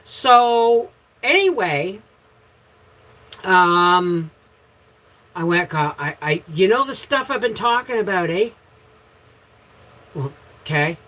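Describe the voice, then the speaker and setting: A homesteading livestream host, a middle-aged Canadian woman, speaks slowly and expressively with frequent pauses in a fairly low, fairly bright voice. The recording is rough. She chats casually with her viewers about her day from home, greeting them by name.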